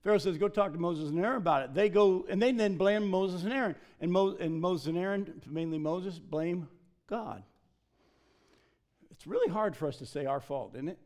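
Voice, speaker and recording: A man delivers a sermon in a fairly high voice. His delivery is emphatic and animated, and he slips into voicing the figures he quotes. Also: moderate pace. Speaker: pastor.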